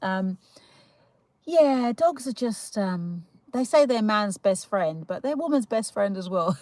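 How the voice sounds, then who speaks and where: A woman's voice: mid-range voice, lively intonation, slow pace, a little mellow, rough recording. A young British woman hosting a casual livestream, chatting and giggling as she welcomes viewers, with lots of fillers and restarts. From United Kingdom. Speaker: livestream host. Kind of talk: casual live chat greeting viewers.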